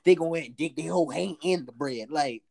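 A young woman co-hosting a casual podcast, telling stories in a loud, profane, animated way. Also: deep voice, fast, vocal fry, dry recording. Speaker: podcast co-host.

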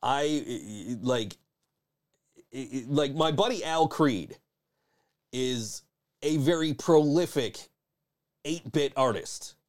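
A man hosting a podcast talks in loose, casual chat at a middle pitch. He swears freely and rambles, restarting his sentences often. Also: takes it slowly, long pauses. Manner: profane, rambling, frequent restarts and laughs. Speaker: podcast host.

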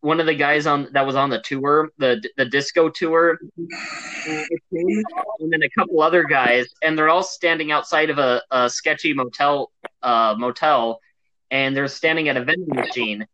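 A man's voice: fairly high pitch, normal speed, bright, forceful tone, no room sound, low-quality recording. A man co-hosting a casual movie podcast, rambling through a story with many fillers and restarts. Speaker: podcast co-host. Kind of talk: casual chat about movies.

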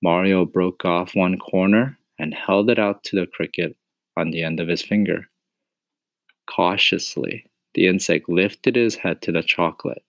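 A man reading a children's chapter book aloud in a measured way. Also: low voice, gravelly, fairly bright tone, dry recording. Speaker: narrator. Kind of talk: storybook reading.

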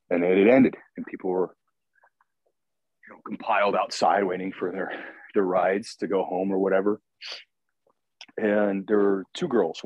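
A man's voice: low-pitched, darkish tone, breathy edge, no room sound, rough recording. A man telling a crude, rambling story in casual chat, often laughing as he talks.

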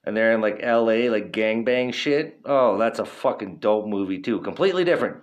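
A man's voice: on the low side, lively intonation, fairly quick. A young man hosting a podcast in a casual, rambling way, swearing a lot and filling his talk with "like" and "you know". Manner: profane, laid-back rambling with lots of fillers. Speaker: podcast host.

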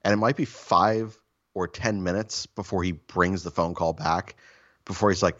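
A man's voice: deep voice, fairly even intonation, normal speed, fairly bright tone, highs cut off. A man telling rambling, profane, self-mocking stories in a casual chat.

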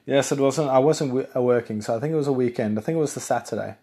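A man's voice: medium pitch, quick pace, husky. A man from South Africa hosting a casual solo podcast, rambling and chatty, correcting himself as he goes. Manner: rambling, chatty, self-correcting, excitable bursts. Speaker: podcast host.

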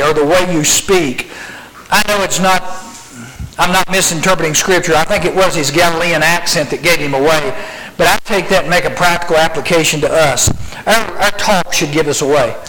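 A middle-aged man preaching a sermon to a youth group, acting out the quoted lines in animated storytelling. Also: high voice, normal speed, a little hiss or hum, rough recording.

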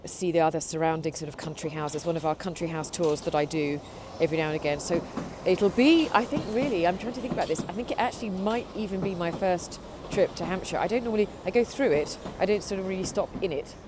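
An English woman hosting a chat show, her voice sitting low. She rambles casually, circling her points with plenty of "sort of" and "um." There's a faint hum of background noise. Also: quick pace, hardly any pauses. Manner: rambling, many fillers and hedges. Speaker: host.

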